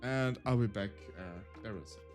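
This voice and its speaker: A man from Germany hosting a gaming stream, relaxed and dry-humored. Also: on the low side, moderate pace, faint music behind. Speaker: stream host. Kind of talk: casual gaming chat.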